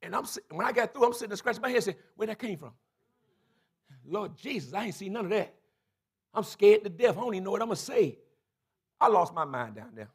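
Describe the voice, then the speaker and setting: Husky high-voiced preacher, shouting climaxes. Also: male voice, very animated, fast talker. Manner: acts out quoted voices. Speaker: bishop and pastor. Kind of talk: sermon. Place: church sanctuary.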